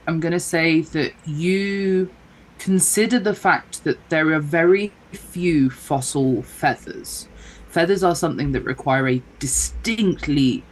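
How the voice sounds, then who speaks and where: A woman running a tabletop game as game master, giving measured, descriptive narration with thinking pauses. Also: low-pitched, poor audio.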